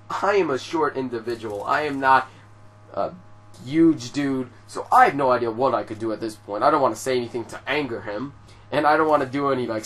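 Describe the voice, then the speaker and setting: A young man telling a story to his viewers in a casual, animated way, swearing often and filling his talk with "like". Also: medium pitch. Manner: profane, animated storytelling with frequent fillers. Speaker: vlogger.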